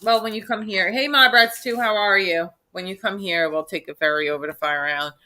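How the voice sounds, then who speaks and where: A woman's voice: fairly low pitch, fairly even intonation, brisk, pushed and bright. A woman hosting a casual live stream, ranting bluntly with frequent restarts.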